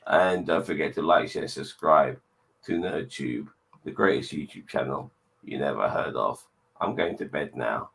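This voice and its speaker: A man hosting a casual online chat show, blunt and quick to swear, with cheery sign-offs. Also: extremely low pitch, creaky, a bit bright, rough recording. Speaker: podcast host.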